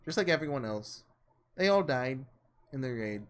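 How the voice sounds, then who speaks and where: A man voicing a sorrowful young woman who was once a saint, read slowly and heavily. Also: medium pitch, lively intonation, voice pushed down, natural voice. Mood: despairing. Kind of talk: reading visual novel lines aloud.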